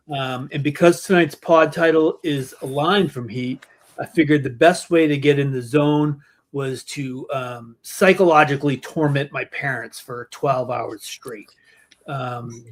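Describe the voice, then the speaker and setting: A man hosting a podcast in casual chat, telling a joking story with many restarts. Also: a little high. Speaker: podcast host.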